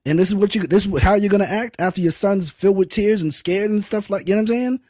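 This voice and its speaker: A young adult man co-hosting a casual podcast chat, an animated storyteller who acts out the people he quotes. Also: sits high, quick pace, no room sound, studio quality. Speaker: podcast co-host.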